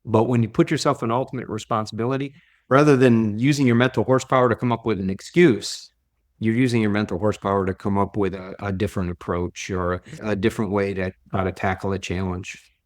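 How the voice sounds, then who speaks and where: Animated man telling stories in an interview. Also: on the low side, fast talker. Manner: animated, repeats and restarts words often. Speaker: leadership coach, podcast guest. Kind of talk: conversational interview storytelling.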